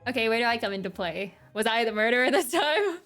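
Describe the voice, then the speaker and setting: A woman's voice: a little high, animated, fast, a bit bright, faint music behind. A young woman streaming a game, chatting casually and giggling as she reads dialogue aloud. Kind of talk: casual chat while playing a game.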